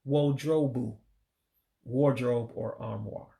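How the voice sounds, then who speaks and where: Gravelly man teaching vocabulary. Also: medium pitch, steady tone, warm tone. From United States. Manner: patient, repeats each word slowly; religious sign-offs. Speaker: language learner teaching vocabulary. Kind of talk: casual vocabulary lesson.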